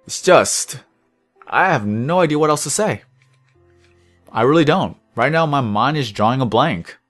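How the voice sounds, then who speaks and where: A young man hosts his own gaming channel and talks casually over gameplay. He rambles in a chatty, self-reflective way, lifting his naturally low voice a little higher so it sounds less monotone. His pitch sits right in the middle for a man. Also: faint music behind. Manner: deliberately lifts his voice above his natural low tone.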